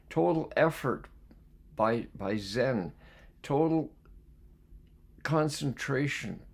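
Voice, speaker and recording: A man reading a book aloud as a life skills coach. He reads reflectively and pauses to put questions to his listeners. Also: mid-range voice, vocal fry. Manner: reflective, poses questions to listeners between passages. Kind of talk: reading aloud with spoken asides.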